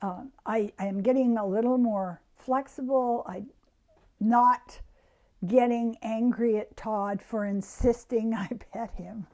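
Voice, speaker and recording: A woman giving a reflective self-help talk to her viewers, soft-spoken and often dropping to a hushed near-whisper. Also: fairly high pitch, steady tone, slow.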